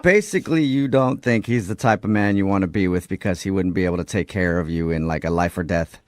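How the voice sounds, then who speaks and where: A man's voice: deep voice, quick pace. A man co-hosting a radio talk segment, wry and probing with the callers. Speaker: radio host.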